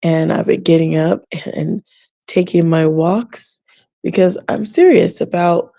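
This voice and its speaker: A middle-aged woman hosting a faith podcast, talking casually and reflectively with frequent soft laughs. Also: fairly low pitch, measured pace, creaky, dry recording. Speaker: podcast host. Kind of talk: casual personal talk.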